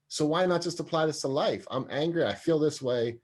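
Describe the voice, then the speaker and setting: A man's voice: on the high side, a little fast, few pauses, a little mellow. Earnest self-mocking man in his forties. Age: 40s. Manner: earnest and expansive, laughs at himself. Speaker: sports psychologist and parenting guest. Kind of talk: conversational interview.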